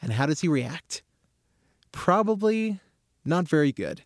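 A man explaining his therapy method in a casual talk, acting out little scenes with growing excitement. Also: a little high, unhurried, no room sound, studio quality. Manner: animated storyteller, acts out scenes with rising excitement.

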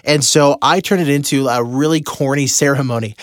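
A man telling a personal story as a motivational mentor, animated and acting out the voices of the people in it. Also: medium pitch, brisk, no echo, studio quality.

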